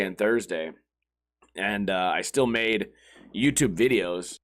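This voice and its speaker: A man's voice: fairly low pitch, fairly bright tone. A man hosting his own podcast, telling a long, rambling, profane story in a casual way and acting out the quoted voices. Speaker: podcast host.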